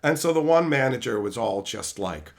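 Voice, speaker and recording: A man's voice: medium pitch, moderate pace. A man telling brash, profane stories in a casual stream chat. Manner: profane, brash, animated storytelling.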